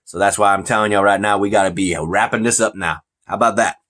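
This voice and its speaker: A man's voice: fairly low pitch, fast, fairly bright tone. Male podcast host, casual, rambling, joking, stumbles over words. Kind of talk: casual chat.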